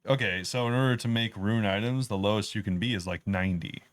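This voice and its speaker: Male co-host, lower voice, relaxed explainer, dry close sound. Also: quick pace, no echo. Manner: explains game updates in detail, easygoing. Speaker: podcast co-host. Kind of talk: casual gaming podcast chat.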